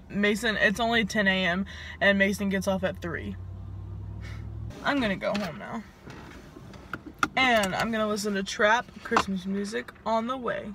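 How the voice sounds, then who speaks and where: This vlogger, a Southern US woman in her twenties, talks casually to the camera in a mid-range voice against a noisy background. Chatty throughout, she plugs every pause with "like."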